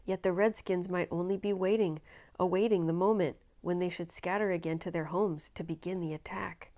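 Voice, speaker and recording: Woman storyteller, lower voice, expressive dramatic read-aloud of a children's novel. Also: brisk.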